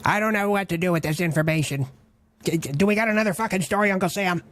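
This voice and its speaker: A man with a high voice trading insults in a comedy sketch. He mocks and swears with steady sarcasm. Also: quick pace, no room sound. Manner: mocking, sarcastic, profane.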